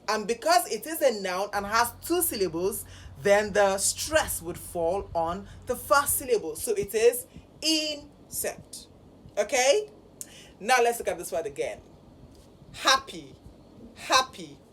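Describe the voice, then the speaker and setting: Female speech coach, measured delivery, deliberate emphasis, unhurried. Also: medium pitch, poor audio. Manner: slow, deliberate, repeats words with emphasis. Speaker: elocution and communications coach. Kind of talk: pronunciation lesson.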